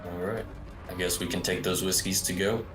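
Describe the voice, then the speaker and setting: A deep-voiced man playing a tabletop game, terse and deadpan, his delivery very flat. He sounds like he is in an echoey room. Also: fairly quick, music in the background. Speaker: player.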